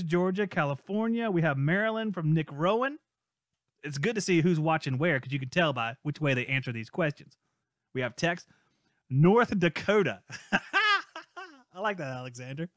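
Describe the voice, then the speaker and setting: A man hosting a live call-in podcast, chatty and playful as he reads out listener messages. His voice sits a little high for a man. The sound is close and dry, with no room echo. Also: a bit bright. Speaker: podcast host. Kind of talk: casual live-stream podcast chat.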